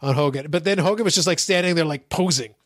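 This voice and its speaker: A man hosting a podcast in casual chat, teasing and animated as he plays a clip for his co-host. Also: on the high side, fast talker, no echo, clean studio sound.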